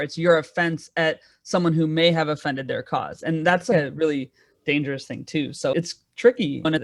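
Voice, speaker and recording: A woman's voice: low-pitched, no room sound, studio quality. A woman comedian talking casually on a comedy panel, rambling with lots of "like" fillers. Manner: rambling, chatty, frequent "like" fillers. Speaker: comedian guest.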